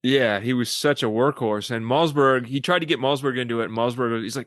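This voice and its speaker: A man who is a podcast guest, telling stories animatedly and acting out quoted people in lively voices. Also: mid-range voice, brisk, dry recording, studio quality. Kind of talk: casual discussion.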